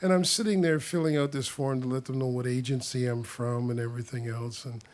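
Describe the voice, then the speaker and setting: A man's voice: medium pitch, steady tone, a little fast, darkish tone. A man casually telling stories about his past, rambling with restarts and chuckling often as he talks. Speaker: storyteller. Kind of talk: casual spoken storytelling.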